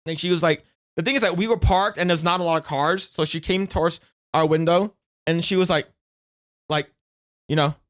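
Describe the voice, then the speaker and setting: A man's voice: a little high, moderate pace, long pauses, fairly bright tone. A man hosting a stream, reacting and telling stories in casual, rambling, profane chat full of fillers. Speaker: streamer host.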